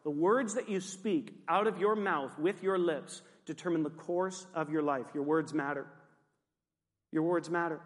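Emphatic high-voiced male pastor preaching. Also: a little slow, long reverb tail. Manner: emphatic, repeats key phrases. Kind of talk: sermon.

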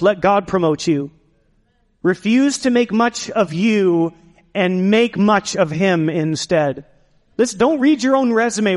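A man preaching a sermon as pastor, building emphasis with dramatic pauses and adding playful asides to the congregation. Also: on the high side, darkish tone, big-room sound.

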